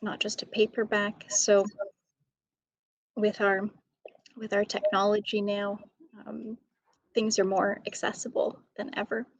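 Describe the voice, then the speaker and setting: A woman author and educator answering interview questions in a measured way, with many ums. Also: mid-range voice, little pitch movement, dry recording, rough recording.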